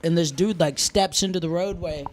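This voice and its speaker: A podcast host in casual chat, telling a story in a blunt, profane, animated way. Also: male voice, a little high, moderate pace, a little hiss or hum.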